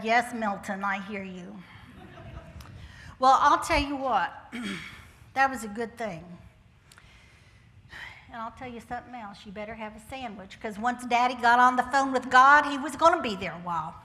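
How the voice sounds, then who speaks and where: An older woman gives a personal testimony in church, her folksy, joking storytelling pitched a little high and sounding bright and forceful. Her voice rings out with a long reverb from the church hall. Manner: folksy and humorous, with Southern turns of phrase. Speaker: church speaker sharing testimony.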